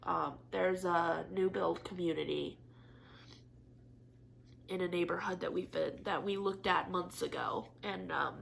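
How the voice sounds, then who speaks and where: A woman's voice: lowish voice, fairly even intonation, unhurried, vocal fry, a little hiss or hum. A young woman chatting candidly to camera in a craft vlog, swearing casually and laughing often, teary and disappointed. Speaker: craft vlogger.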